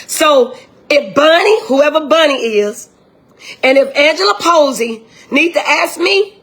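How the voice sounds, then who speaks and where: Older grandmother with a high voice, fired-up and indignant, speaking straight to camera. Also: lively intonation, measured pace, a bit bright. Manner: indignant, impassioned, repetitive direct address. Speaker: grieving grandmother. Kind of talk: emotional direct-address video.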